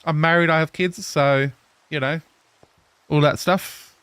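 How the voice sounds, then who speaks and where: A man in his thirties from England with an English accent softened by Australian, chatting casually with viewers while playing a game live. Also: fairly high pitch, fairly even intonation, a little slow, smooth, dry recording. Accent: English mixed with Australian. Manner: chatty, answers viewers, laughs often. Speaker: live streamer. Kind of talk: casual live-stream chat while gaming.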